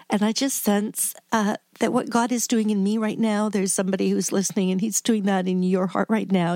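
A woman from Vancouver speaks as a guest on a faith program, her tone earnest and heartfelt as she prays aloud. Her pitch sits in a middling range for a woman. The studio sound is close and dry, with no room echo. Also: a little mellow. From Vancouver, British Columbia. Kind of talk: faith testimony and spoken prayer. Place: radio studio.

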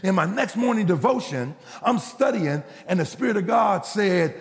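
A male pastor preaching a sermon, telling a family story and building to shouted exhortation. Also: sits high, expressive, moderate pace, vocal fry, in a large hall. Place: church.

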